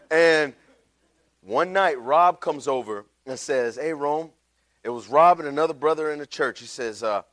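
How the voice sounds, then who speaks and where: A man's voice: fairly high pitch, a little slow, a bit bright. A middle-aged pastor preaching a sermon, telling his own story in a casual, heartfelt way. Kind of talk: sermon with personal testimony.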